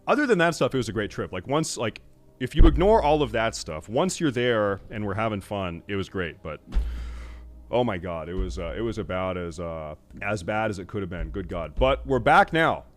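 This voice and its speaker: A young man streaming, ranting casually and profanely to his chat, exasperated and often loud. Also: on the low side, expressive, moderate pace.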